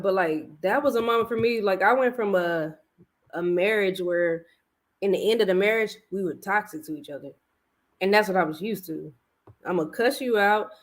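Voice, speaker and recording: A woman hosting a casual chat about a reality show, talking candidly and telling her own story with slangy, animated detail. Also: medium pitch. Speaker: podcast host.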